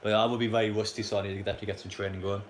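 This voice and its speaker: Young Geordie man, fast, blunt, rambling stream chat; faint room hum underneath. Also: on the low side, flat delivery. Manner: rambling, blunt, frequent fillers and restarts. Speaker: live stream match commentator. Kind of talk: casual live stream chat and commentary.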